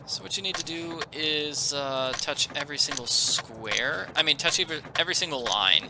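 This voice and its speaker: A man's voice: a little high, lively intonation, moderate pace, noisy background. A man giving casual, enthusiastic gameplay commentary as a let's play host, joking and chatty.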